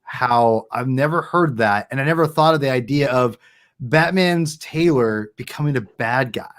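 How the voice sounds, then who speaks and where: A man hosting a casual stream, excitable and loose, using slang and stumbling over restarts. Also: mid-range voice, normal speed. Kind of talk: casual chat.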